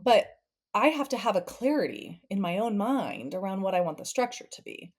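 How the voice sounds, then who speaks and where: A woman therapist, a guest on a podcast, explains parenting in a conversational way. She brings everyday family scenes to life, shifting her voice playfully as she acts them out. Her pitch sits in an ordinary middle range. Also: sing-song, moderate pace.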